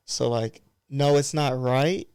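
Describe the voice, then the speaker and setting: A man's voice: mid-range voice, steady tone, slow pace, darkish tone, smooth, dry recording, clean studio sound. A man in his thirties, a barber guest on a podcast, talking in a candid, loose and reflective way. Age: 30s. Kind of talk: casual podcast conversation.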